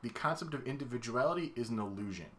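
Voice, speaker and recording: A man co-hosts a chatty podcast, explaining game lore at length and laughing easily. His mid-range voice is a bit bright, fast, and lively in intonation.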